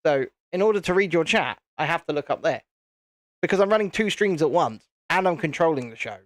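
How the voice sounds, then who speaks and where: A British man hosts a live stream and chats loosely while he builds. His voice sits fairly high for a man. The sound is dry and close, with almost no room around it. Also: animated, fairly quick, no echo. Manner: chatty, rambling, reads viewer comments aloud. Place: home streaming setup with lights and cameras. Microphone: desk mic at a streaming setup.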